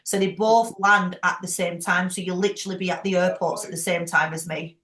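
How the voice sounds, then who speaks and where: A woman leading a group call, chatty and frank, quick to laugh. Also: lowish voice, fairly even intonation, a bit bright, echoey room. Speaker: team leader hosting a group call. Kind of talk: casual chat.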